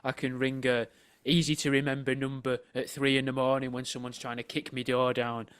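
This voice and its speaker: A man co-hosting a podcast over a remote call, trading dry, deadpan jokes and laughing easily. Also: mid-range voice, a little fast, crowd noise. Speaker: podcast co-host. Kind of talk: casual banter.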